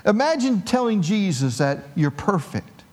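A man's voice: sits high, sing-song, unhurried, a little mellow. A male pastor preaching a sermon, telling the story with humor. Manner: storytelling, humorous, acts out voices.

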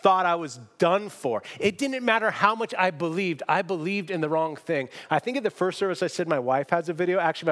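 A man's voice: on the high side, fairly bright tone, long reverb tail. A man preaching a sermon as pastor, emphatic and self-deprecating as he tells a story to his church. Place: church sanctuary.

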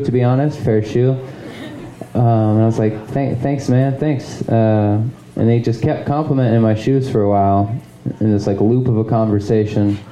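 Dark-voiced rambling male storyteller. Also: lowish voice, echoey room, rough recording. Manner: rambling, filler-heavy, laughs at his own story. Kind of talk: live storytelling. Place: live show in a small venue.

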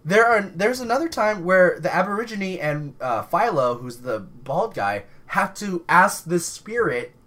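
A man's voice: sits high, measured pace, hardly any pauses. A man co-hosting a casual podcast, talking over a bad movie and acting out its lines in quoted voices. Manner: animated, acts out lines from the film in quotes. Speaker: podcast co-host. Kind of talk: casual movie-review chat.

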